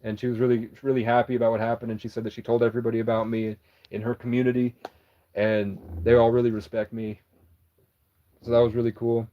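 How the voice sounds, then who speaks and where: This is a fast-talking young man, a vlogger, whose mid-range voice stays level as he rambles through a casual story. Profanity comes easily, and he backtracks to fix what he's said, all captured on a dull lo-fi recording.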